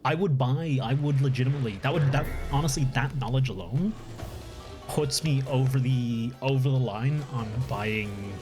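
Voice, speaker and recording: A man's voice: medium pitch, normal speed, music in the background. A man with an Irish accent chatting casually on a live stream while gaming, rambling and often restarting his sentences. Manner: rambling, restarts and corrects himself.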